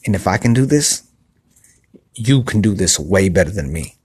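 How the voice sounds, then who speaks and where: Man podcaster, husky and low, speaking softly into a phone outdoors, earnest and repetitive. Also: animated, normal speed, no room sound, clean studio sound. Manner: earnest, repetitive, restarts often. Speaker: podcast host. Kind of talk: casual motivational talk. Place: outdoor patio by a pool at night.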